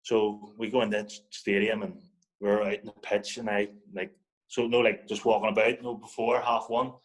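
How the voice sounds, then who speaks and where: A man with a Northern Irish accent, a podcast guest telling animated anecdotes and acting out the people in them. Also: fairly low pitch, normal speed, rough recording. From Northern Ireland. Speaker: podcast guest, former footballer. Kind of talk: casual storytelling.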